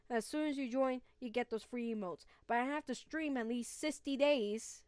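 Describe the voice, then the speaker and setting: A woman with a high voice streams a video game live, reacting aloud to the action and talking with her viewers. She speaks at an unhurried pace into a desk microphone. Faint game music plays behind her. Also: clean tone, no room sound. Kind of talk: live gaming stream chat.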